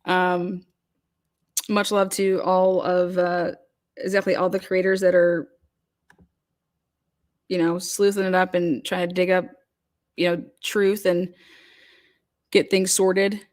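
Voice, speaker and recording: A woman's voice: fairly low pitch, little pitch movement, slow, long pauses, darkish tone. A woman hosting a casual livestream chat, talking loosely with many fillers and restarts as she reads comments. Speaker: host.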